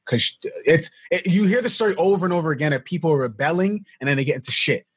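A man's voice: on the high side, quick pace, husky, dry recording. Guy rambling thru a story, lots of ums, dry close sound. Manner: rambling, hesitant storytelling with many fillers. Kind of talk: casual chat.

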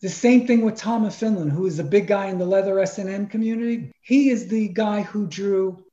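A man from Brooklyn, a podcast guest telling animated personal stories in an emphatic, exclamatory way. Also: sits high, fairly quick. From Brooklyn, New York. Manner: emphatic, exclamatory, spells out names. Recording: roomy, dull sound.

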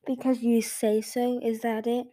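A huge, scarred, vicious dragon queen hisses out slow threats, as a woman reading a storybook puts her on. The voice sits a little higher than the reader's own and keeps a mellow, soft-edged tone. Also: level tone, natural voice. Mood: menacing. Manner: hissing, slow and menacing. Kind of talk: amateur audiobook reading.

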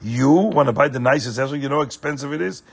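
A man's voice: medium pitch, fast talker, creaky, husky. A man voicing a shopkeeper who doubts that a poor customer can pay, in a mocking tone. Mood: suspicious. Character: suspicious male market seller.

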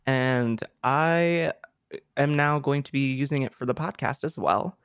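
A man's voice: medium pitch, measured pace, fairly bright tone, smooth, no room sound, clean studio sound. A young man hosting a casual gaming podcast, joking around and trying out sound effects on his streaming mic. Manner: jokey, playful, tries out sound effects. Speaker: podcast host. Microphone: streaming mic with compressor and EQ.

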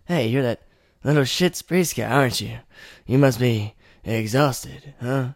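A man's voice: mid-range voice, measured pace, creaky, dry recording, studio quality. Chummy, sarcastic, sadistic doctor, put on by a man. Taunting. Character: cheerful sadistic male doctor, mocking.

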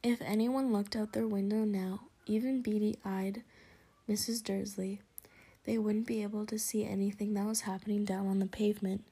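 A woman reading a storybook aloud in a soft whisper, in whispered role-play. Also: medium pitch, flat delivery, husky. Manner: slow, hushed storybook reading.

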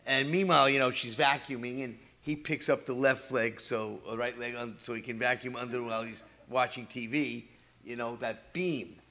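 A man's voice: mid-range voice, steady tone, moderate pace, pushed and bright. An older man, a pastor, telling a humorous story in a sermon, chatty and full of asides. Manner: chatty, humorous, acts out voices.

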